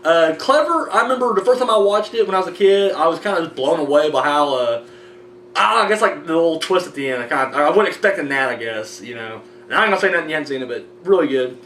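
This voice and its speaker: A man hosting a horror review show, talking loosely and rambling with plenty of fillers and swearing. His voice sits a bit high for a man. It comes through a distant mic in an echoey room with a faint hum behind. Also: fast talker. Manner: rambling, animated, swears casually, many fillers. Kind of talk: casual review chat.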